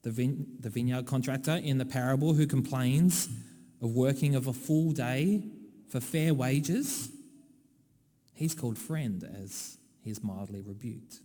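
Delivering his sermon a little slowly, this Australian preacher speaks in a warm, mellow, mid-range voice, casual and conversational with dry, wry remarks. Each phrase lingers in the long reverb of a big hall.

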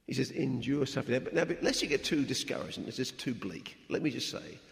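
A middle-aged male missionary preaching with a gravelly, fry-edged voice. He talks in a conversational, animated way and often restarts his sentences. His words ring out in a reverberant church hall. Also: medium pitch, quick pace. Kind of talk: sermon. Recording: echoey hall with long reverb.

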